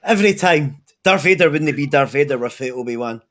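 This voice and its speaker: A man's voice: a little high, lively intonation, fairly quick, a bit bright. A man in casual chat on a livestream, slangy, swearing and enthusiastic.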